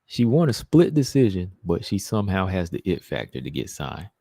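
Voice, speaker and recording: A man's voice: low-pitched, sing-song, normal speed, vocal fry, dark tone, no echo, studio quality. A man hosting a casual live stream, reading viewer comments and answering them in a chatty way. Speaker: livestream host reading chat.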